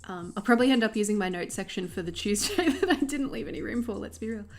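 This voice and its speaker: A woman's voice: medium pitch, lively intonation, quick pace. A young Australian woman hosting a journaling livestream, chatting casually with viewers while she paints, laughing often.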